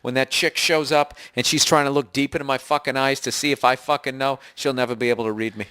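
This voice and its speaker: A man's voice: medium pitch, quick pace, clean tone. A man co-hosting a comedy podcast, rambling through stories in casual, profane chat. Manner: profane, rambling, animated storytelling. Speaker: podcast co-host.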